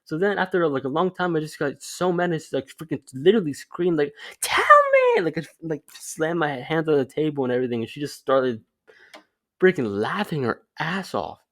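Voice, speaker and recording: A man's voice: fairly high pitch, fairly quick. A young man giving casual, rambling dating advice straight to camera, filling his talk with "like". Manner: rambling, loose, lots of "like" fillers. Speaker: vlogger.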